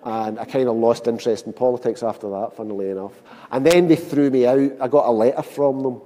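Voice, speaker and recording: A man's voice: mid-range voice, steady tone, a little fast, mellow, slight background noise. A man in his fifties with a Glasgow accent, telling wry, self-mocking stories as a speaker at a public event. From Scotland. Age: 50s. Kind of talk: storytelling speech to an audience. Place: public hall. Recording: long hall reverb.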